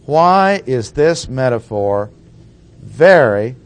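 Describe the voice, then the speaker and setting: A man preaching a teaching sermon, explaining word meanings slowly and deliberately and asking rhetorical questions. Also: medium pitch, very animated. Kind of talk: sermon teaching on Bible language.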